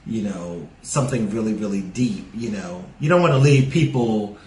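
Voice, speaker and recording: A stand-up comic guesting on a casual podcast interview speaks in a fairly low, darkish, animated voice at a moderate pace, with frequent "you know" fillers and a New York accent carrying a Southern lilt. The recording is rough and roomy, with a little hiss or hum.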